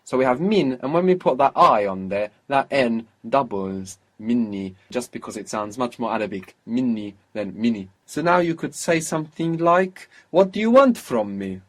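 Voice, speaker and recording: A man's voice: medium pitch, very animated, normal speed, few pauses, dry recording. A man teaching a language lesson, who explains grammar patiently, step by step, and prompts his student with questions.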